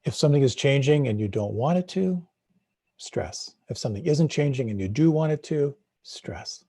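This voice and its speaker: Leading a live meditation session, this middle-aged teacher muses and questions aloud, often starting over and repeating himself. His voice is husky, mellow and a bit gravelly, on the high side, animated and quick-paced. The audio is close and dry, with no room sound.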